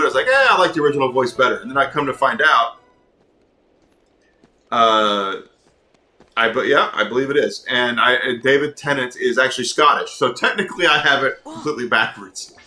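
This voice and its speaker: Brief: chatty male gaming host, bright voice, casual commentary with faint game music. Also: medium pitch, moderate pace. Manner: chatty, reads and answers chat. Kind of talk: let's play commentary.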